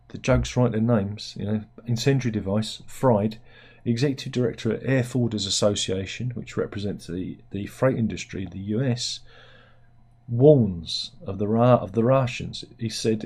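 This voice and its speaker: Low husky british guy riffing on the news, rambly and jokey. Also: a little mellow. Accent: British English. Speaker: host. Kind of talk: satirical news commentary.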